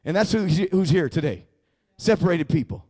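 Pastor, male, high voice, emphatic sermon delivery with call-and-response prompts to the congregation. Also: lively intonation, moderate pace, dark tone.

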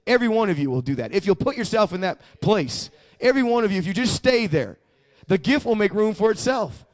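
Man, high voice, pastor, sermon, stammering restarts, rising fervor. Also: very animated, fairly quick. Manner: conversational testimony, swelling into fervent emphasis.

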